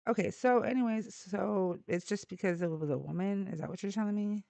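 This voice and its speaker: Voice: medium pitch, a little fast, gravelly, a little mellow, no room sound. A live call-in show host arguing politics with callers in a blunt, mocking, combative way. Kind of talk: heated live call-in debate.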